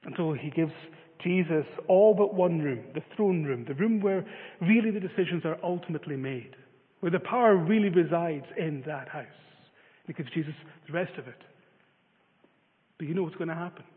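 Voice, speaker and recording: A man's voice: a little high, moderate pace. A man preaching a sermon, telling a story with many filler uhs. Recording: phone-like reverberant sound.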